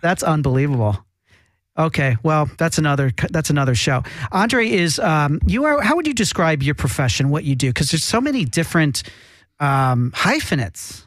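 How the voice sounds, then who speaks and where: A male talk show host with a slightly high voice, cracking jokes and wandering off mid-sentence. The sound is dry and close, with no room around it. He keeps it loose and playful. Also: very animated, normal speed, fairly bright tone, no echo. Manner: joking, rambling, self-interrupting. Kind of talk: casual comedic talk show banter.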